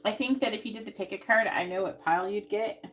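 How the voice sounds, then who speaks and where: A woman's voice: mid-range voice, fast, a bit bright, soft background music. A woman psychic giving tarot readings on a live stream, speaking in short, emphatic statements. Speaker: psychic reader.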